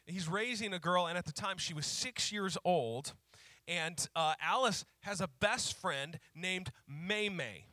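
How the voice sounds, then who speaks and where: A male pastor preaching a sermon who slows down to repeat key phrases for emphasis and tells stories in a conversational way. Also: high voice, pushed and bright, no echo, studio quality. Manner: conversational storytelling with fillers.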